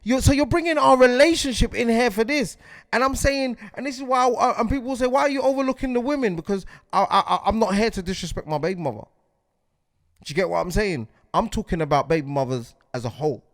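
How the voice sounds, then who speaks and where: A man's voice: sits high, fast, no room sound. Heated man on a podcast. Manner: heated, repetitive, asks "do you get what I'm saying". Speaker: podcast host. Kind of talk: impassioned podcast monologue.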